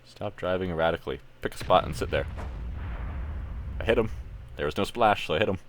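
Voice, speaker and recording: A Canadian man with an extremely low, deep voice gives live commentary on a game. He talks in a casual, matter-of-fact way, thinking aloud as he plays. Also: brisk, a little hiss or hum. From Ontario, Canada. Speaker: streamer.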